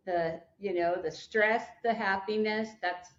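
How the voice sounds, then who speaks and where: A woman therapist and coach in a podcast chat, speaking in a calm, affirming, gently guiding way. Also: mid-range voice, unhurried, roomy sound, highs cut off. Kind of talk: faith-based conversational podcast chat.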